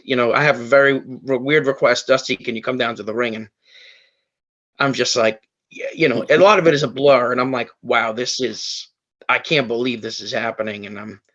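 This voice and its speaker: A man's voice: medium pitch, fairly bright tone, lo-fi sound. A man guest on a podcast, telling an emotional story in a rambling way, full of fillers and restarts. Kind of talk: emotional storytelling in casual chat.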